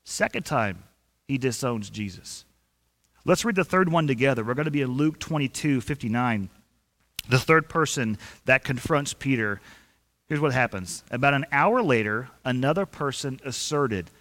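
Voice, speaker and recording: Male pastor, animated storyteller, repeats and restarts often; sermon delivery. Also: medium pitch, normal speed. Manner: animated storytelling, acts out quoted voices; frequent repetitions and restarts.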